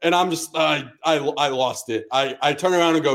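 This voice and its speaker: A man's voice: fairly high pitch, fairly quick, a bit bright. A young man from the United States telling a long story on a casual podcast, cursing freely and acting out every line of dialogue. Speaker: podcast co-host.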